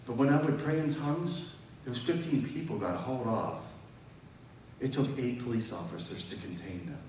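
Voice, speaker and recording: A man preaches a testimony sermon to his congregation, telling his story vividly, acting out phone calls, and building to loud, emphatic peaks. He has a medium pitch and a moderate pace. The recording sounds distant and echoey, as if in a hall, with noise.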